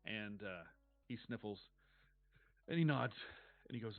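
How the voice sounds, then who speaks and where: A man running a tabletop role-playing game as game master, narrating in a measured, descriptive way with casual swearing. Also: fairly low pitch, no echo. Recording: dull lo-fi stream audio with faint music.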